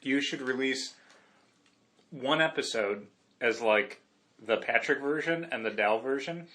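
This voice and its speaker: Wry joking man, mid-pitched. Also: a little slow, pushed and bright. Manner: wry, joking, eating while talking. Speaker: podcast co-host. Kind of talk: casual chat.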